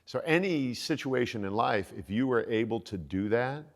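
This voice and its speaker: A man in his sixties, a fitness coach talking as a podcast guest in an energetic, motivational way. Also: mid-range voice, moderate pace, long reverb tail. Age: 60s. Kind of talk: casual podcast conversation.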